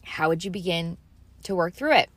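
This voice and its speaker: A woman's voice: fairly low pitch, lively intonation, normal speed, a bit bright, no echo. A woman in her thirties talking casually and rambling about faith and journaling, chatty and self-deprecating, with a slight allergy cough. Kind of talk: casual faith-based advice talk.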